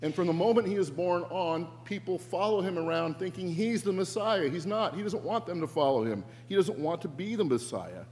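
A man's voice: high voice, animated, brisk, few pauses, darkish tone. A man preaching a sermon as pastor, earnest and reflective, shifting his emphasis. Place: church sanctuary. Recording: echoey church with faint hum.

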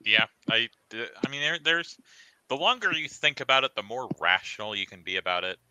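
A man's voice: medium pitch, animated, fairly quick, pushed and bright, clean tone, no room sound, low-quality recording. A man co-hosting a podcast in casual chat, opinionated and sarcastic. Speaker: podcast co-host.

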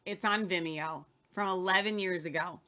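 Bright-voiced playful woman co-host. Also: lowish voice, lively intonation, fairly quick. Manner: playful, teasing. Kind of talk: casual chat.

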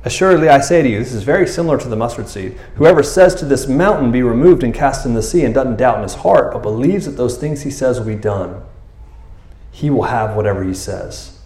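Man, pastor, casual animated sermon, roomy echo. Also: mid-range voice, brisk. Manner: conversational, animated preaching with quoted voices.

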